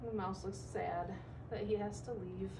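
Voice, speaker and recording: A woman teacher reading a picture book aloud to children, expressive and stopping to comment on the pictures. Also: mid-range voice, recorded from a distance, background noise. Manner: expressive, pausing to comment for young listeners.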